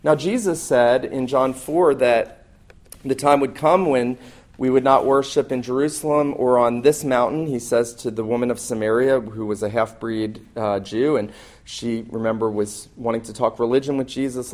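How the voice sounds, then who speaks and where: A man's voice: medium pitch, steady tone, normal speed, a little mellow. A man preaching as a pastor, earnest and emphatic, often restarting his phrases as he builds a point. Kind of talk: sermon.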